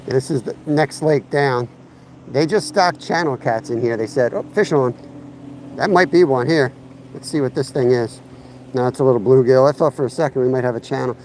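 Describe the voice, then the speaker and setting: Out by a lake and creek, a man hosts a casual fishing livestream, rambling and talking with viewers in a mid-range, slightly mellow voice at normal speed. His chest-mounted camera mic yields a rough recording with a little hiss or hum.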